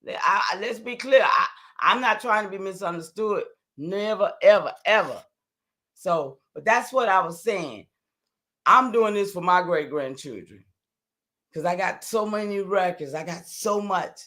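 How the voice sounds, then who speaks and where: Bright-voiced older woman, emphatic. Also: medium pitch, expressive, moderate pace. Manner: rambling, emphatic, talks back to chat comments. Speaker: livestream host. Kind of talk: casual livestream talk to viewers.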